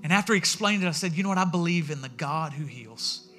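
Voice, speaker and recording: A man preaching a sermon as pastor in a church, telling stories in a lively way and acting out what people said. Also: a little high, quick pace, soft background music. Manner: animated storytelling, acting out quotes.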